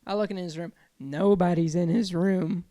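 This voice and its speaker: A man co-hosting a podcast, relaxed as he tells his story and laughs between lines. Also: high-pitched, normal speed. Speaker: podcast co-host. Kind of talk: casual chat, telling ghost stories.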